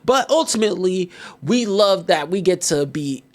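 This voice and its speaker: A man's voice: high voice, moderate pace. A man hosting a podcast, doing a casual, playful ad read and chatting with his co-host. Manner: animated, playful, jokey.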